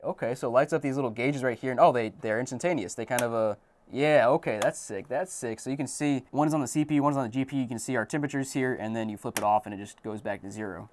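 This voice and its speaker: A young man hosting a casual unboxing video, excited and exclaiming as he goes. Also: mid-range voice, very fast, slight background noise. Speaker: video host.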